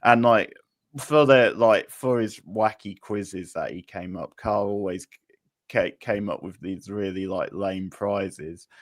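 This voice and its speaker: A man's voice: fairly low pitch, takes it slowly, dry recording, clean studio sound. A man co-hosting a film watchalong in casual, rambling chat full of filler words. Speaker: watchalong co-host.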